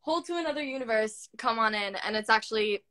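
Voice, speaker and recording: A young woman hosting a live stream from her phone. Her voice is bright and a touch high. She chats quickly in a giggly way and reads out viewer comments. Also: expressive. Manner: chatty, giggly, reading comments aloud. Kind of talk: casual chat. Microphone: phone on a live video call.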